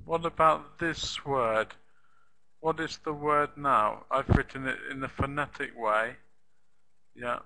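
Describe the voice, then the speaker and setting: A man teaching an elementary English lesson online, speaking slowly and patiently, repeating words and spelling them out letter by letter. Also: mid-range voice, vocal fry, pushed and bright, low-quality recording.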